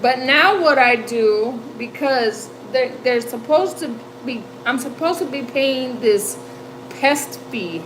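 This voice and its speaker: A woman in her fifties hosting a livestream, telling a story in a chatty, animated way and laughing often. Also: on the high side, noisy background. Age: 50s. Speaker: livestream host. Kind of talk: casual storytelling chat. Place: home.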